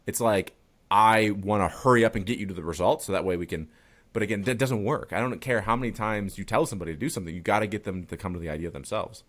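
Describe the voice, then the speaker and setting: A man's voice: fairly low pitch, fast, a bit bright. A man hosting a podcast interview, talking in a loose, chatty way and swearing casually. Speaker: podcast host.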